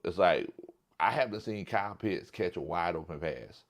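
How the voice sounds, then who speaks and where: A man's voice: low-pitched, animated, moderate pace. A man hosting a casual livestream sports talk show, blunt and emphatic, often repeating his point.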